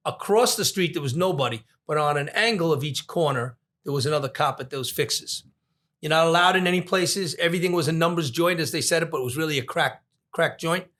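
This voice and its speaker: A man, a police commissioner telling a story as a podcast guest, animated and full of restarts. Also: on the high side. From Long Island, New York. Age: 60s. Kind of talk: storytelling in an interview.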